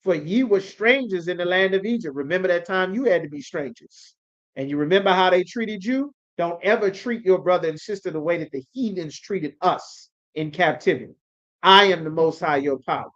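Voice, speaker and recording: Emphatic high-voiced man teaching scripture. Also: normal speed, fairly bright tone. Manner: emphatic, repeatedly asks "you understand?". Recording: dull lo-fi recording.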